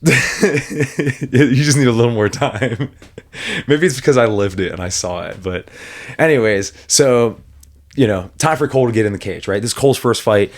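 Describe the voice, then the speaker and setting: A man who coaches fighters, co-hosting a podcast and telling a story with animated energy and frequent laughter. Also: medium pitch, moderate pace. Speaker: MMA coach and podcast co-host. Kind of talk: casual podcast chat.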